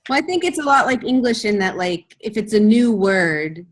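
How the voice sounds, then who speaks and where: A woman's voice: mid-range voice, lively intonation, normal speed. A woman teaching a beginner language class online, patiently modelling phrases for students to repeat. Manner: patient, drills phrases for repetition.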